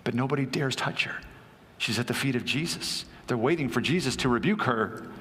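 A man's voice: mid-range voice, animated, a little fast, a bit bright, big-room sound. A male pastor preaching a sermon, telling a story conversationally with asides to the congregation.

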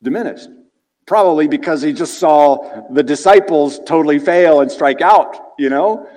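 A male preacher giving an expository sermon in a conversational, animated way, asking the listeners rhetorical questions. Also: a little high, normal speed. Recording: reverberant hall.

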